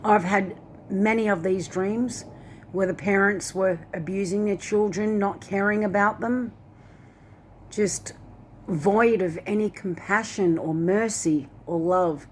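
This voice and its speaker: A woman's voice: mid-range voice, steady tone, takes it slowly, a little hiss or hum. Woman rambling through a dream account. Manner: rambling, many fillers like "like" and "and that". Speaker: Christian video host. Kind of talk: casual dream retelling.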